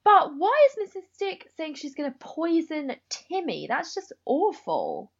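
Lively woman on a dull lo-fi mic. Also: extremely high pitch, measured pace. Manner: emphatic, indignant commentary. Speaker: book podcast co-host. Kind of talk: casual chat.

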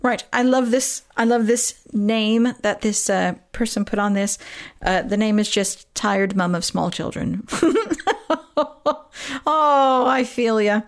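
A woman hosting a podcast, answering a parent's question with earnest, encouraging advice, pausing often to think. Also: mid-range voice, fairly even intonation. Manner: earnest, encouraging, with thoughtful pauses and fillers. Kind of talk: warm casual advice talk.

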